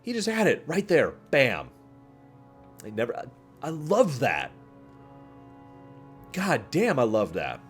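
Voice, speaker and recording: A man streaming, chatting casually with his viewers in a rambling, animated way, often laughing and acting out scenes. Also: mid-range voice, slow pace, pauses often, faint music behind. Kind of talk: casual chat with live chat.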